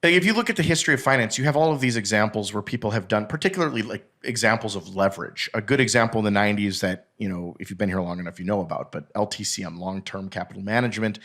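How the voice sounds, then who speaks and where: A man with a fairly low voice holds forth as a podcast guest, telling a long story in casual chat. He rambles, swears freely and trips into restarts and fillers, then picks the thread back up. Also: very fast, few pauses. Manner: rambling, animated, profane, many fillers and restarts.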